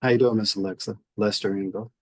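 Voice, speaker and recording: Middle-aged guest with Southern lilt, husky, dry close mic, storytelling cadence. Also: male voice, on the low side, fast, no room sound, low-quality recording. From Indiana, USA. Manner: relaxed storytelling with frequent repeated starts. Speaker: guest, federal official. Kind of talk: conversational interview.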